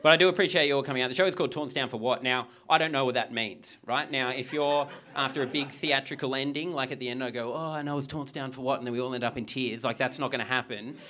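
A man's voice: medium pitch, fast, hardly any pauses, pushed and bright. A young Australian man doing a stand-up comedy set in a theatre, telling stories with swearing and acted-out dialogue. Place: theatre comedy club on stage. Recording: live stage recording with audience noise.

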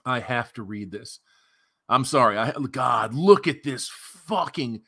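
A man's voice: medium pitch, lively intonation, slow, pushed and bright, breathy edge. A man hosting a commentary channel, mocking a news story in a sarcastic, profane rant.

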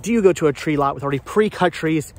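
A man's voice: fairly high pitch, fast. A man chatting casually to his viewers while walking around outdoors on a hilly farm, rambling and asking them questions. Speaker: vlogger.

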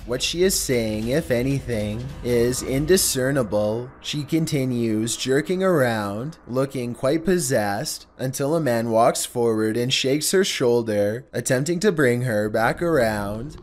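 A man giving scripted narration in a measured, steady storytelling delivery. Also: medium pitch, slight background noise.

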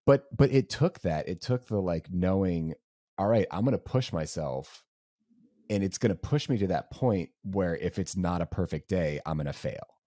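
A man's voice: low voice, expressive, normal speed, warm tone, dry recording, clean studio sound. A young man co-hosting a podcast, telling a race story casually and rambling with lots of fillers. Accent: Southern US. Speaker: podcast co-host.

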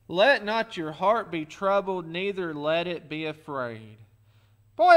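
A pastor preaching a folksy sermon that swells into emphatic calls. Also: male voice, high voice, fairly bright tone, clean tone.

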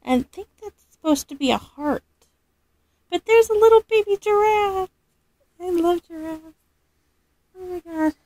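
A woman doing a casual unboxing vlog as a doll collector. She gushes, rambles and corrects herself, and often drops to a soft near-whisper. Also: very high voice, unhurried, pauses often, dry recording.

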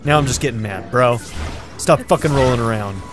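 A man's voice: medium pitch, fairly quick, over music. A man casually commenting on his own gameplay, exasperated, swearing and laughing at the game. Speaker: let's play gamer.

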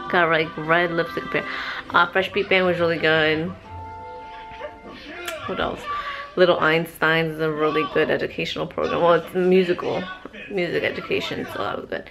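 A young woman, a mother, chatting casually to a handheld camera at home, expressive and talkative, dropping in Spanish words. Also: lowish voice. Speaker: mother and family vlogger. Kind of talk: casual vlog chat to camera. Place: at home, indoors.

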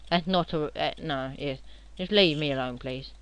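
A young man, rambling and joking as he narrates his own computer game, now and then shouting at enemies. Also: on the high side, normal speed, clear, resonant tone. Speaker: gamer playing on video. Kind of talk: casual game commentary.

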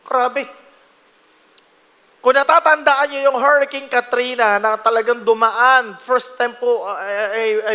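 High-voiced Filipino pastor preaching in a hall. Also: male voice. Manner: mixes Bible reading with lively explanation, frequent "no?" tags. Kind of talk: sermon.

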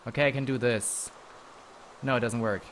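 A man streaming a game live, commenting excitedly, swearing often and talking to his chat. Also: mid-range voice, moderate pace, a little hiss or hum. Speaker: livestreamer.

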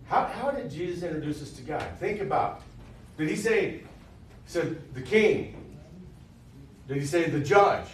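A male preacher gives an informal teaching sermon, talking to his audience in a loose, conversational way and repeating key phrases. His voice sits a little high. It is picked up from a distance in a very echoey room with faint noise behind it. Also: expressive, normal speed.

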